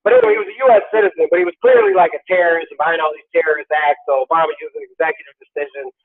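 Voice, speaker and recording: A man's voice: a little high, expressive, rapid-fire, creaky. A man co-hosting a podcast, ranting casually and profanely about politics and acting out quoted voices. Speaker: podcast co-host. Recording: tinny phone-like sound.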